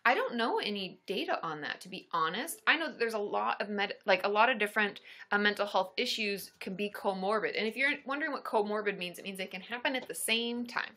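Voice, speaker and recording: A young woman, a therapist hosting a casual livestream, chatting brightly and answering viewer questions. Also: mid-range voice, animated, a little fast, few pauses.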